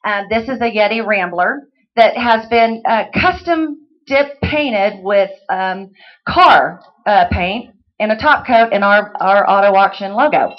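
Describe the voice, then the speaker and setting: Woman auctioneer student, lo-fi. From Texas. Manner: rapid chant of bids, rising high and loud. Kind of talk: live auction calling. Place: auction hall, live audience. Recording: dull lo-fi sound.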